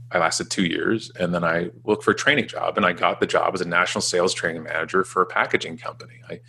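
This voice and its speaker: A man in his forties, a guest telling his career story in a self-mocking, animated way with frequent restarts. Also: sits low, slight background noise. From Canada. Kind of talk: casual storytelling interview.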